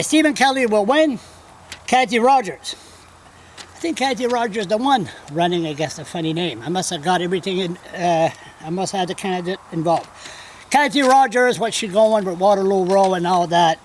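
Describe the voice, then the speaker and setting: A man's voice: high voice, a little hiss or hum. A male blogger talking off the cuff to a camera someone else holds, rambling, blunt and digressive, with some swearing. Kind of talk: off-the-cuff video commentary. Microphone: camera held by another person.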